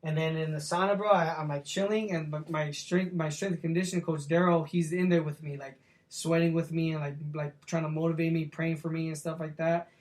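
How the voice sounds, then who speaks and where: A young man speaks in a fairly high voice, a professional boxer recounting his fights in a relaxed interview. His talk is loose and slangy, packed with fillers and casual swearing. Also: brisk.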